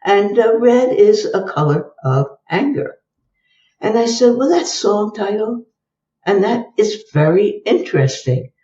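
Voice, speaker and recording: Older woman with a dark, roomy voice. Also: mid-range voice, a little slow, far from the mic, a little hiss or hum. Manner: lively storyteller who acts out the dialogue. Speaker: guest psychologist. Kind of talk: telling case stories in an interview. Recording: roomy, dull sound from away from the mic.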